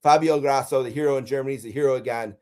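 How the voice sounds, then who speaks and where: A man's voice: medium pitch, fairly even intonation, racing, a little mellow. A middle-aged man from Buffalo telling personal stories in a casual countdown, upbeat with frequent ums. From Buffalo, USA. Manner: enthusiastic storyteller, frequent ums and uhs.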